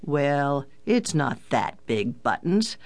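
An audiobook narrator voicing a kind, teasing father who sounds calm and fatherly. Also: mid-range voice, takes it slowly. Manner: calm, fatherly, gently joking. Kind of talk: audiobook character voice.

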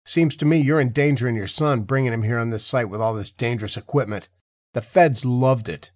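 A man voicing a calm, stubborn male logging contractor who talks dry and steady in an audiobook. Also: mid-range voice, fairly quick, no room sound, lightly acted.

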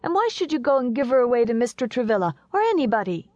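A woman voicing an excitable young boy who protests vehemently in an audiobook story. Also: a little high, fast talker, dry recording, lo-fi sound, voice pushed up. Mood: indignant. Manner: vehement pleading outbursts.

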